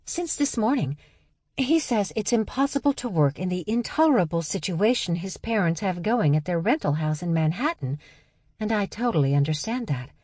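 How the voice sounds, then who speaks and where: A woman's voice: medium pitch, animated, moderate pace, dry recording, clean studio sound, pitched above the performer's own voice, natural voice. Woman voicing an oblivious, guileless young woman. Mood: earnest. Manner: bright, matter-of-fact, guileless. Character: spacey, blunt young woman genius, oblivious.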